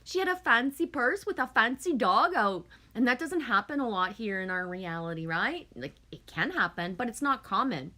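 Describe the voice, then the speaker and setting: A woman's voice: on the high side, expressive, normal speed, few pauses, bright, forceful tone. A middle-aged woman from Canada chatting casually with viewers, telling stories, swearing freely and laughing often. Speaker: livestream host.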